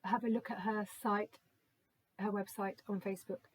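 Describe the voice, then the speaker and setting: A woman giving a gentle, musing oracle card reading, slowly reading out card texts and reflecting on them. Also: mid-range voice, steady tone, husky, dry recording, poor audio.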